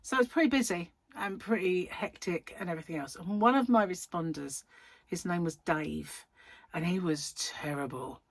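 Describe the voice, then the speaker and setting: A woman's voice: lowish voice, moderate pace, no echo. A woman, a crochet channel host chatting through a rambling, giggly anecdote. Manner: chatty, giggly, self-interrupting storyteller. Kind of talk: casual chat, rambling anecdote.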